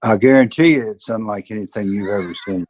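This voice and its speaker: A man's voice: lowish voice, fast talker, a little mellow. A man in his seventies with a Southern US accent, telling stories from his career earnestly and emphatically as an interview guest. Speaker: guest, former football player and coach. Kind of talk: interview, personal storytelling.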